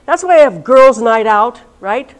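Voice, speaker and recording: A woman in religious life gives a casual, lively talk at a college event and keeps turning to the audience with questions. Her voice sits fairly high. She sounds warm, chatty and at ease in front of the room. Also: unhurried, poor audio. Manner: chatty and lively, talks directly to listeners. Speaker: religious sister leading a reunion session. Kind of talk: informal talk to a live audience.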